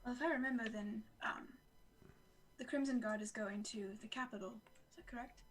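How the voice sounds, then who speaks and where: Chatty woman tabletop player, slightly high voice, faint background hiss. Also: a little fast, poor audio. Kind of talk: casual chat at a tabletop game.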